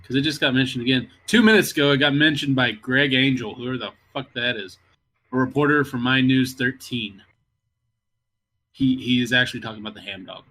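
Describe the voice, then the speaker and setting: A man co-hosting a casual podcast, excitable and jokey, swearing a lot. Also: mid-range voice, fairly quick. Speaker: podcast co-host. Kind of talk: casual chat.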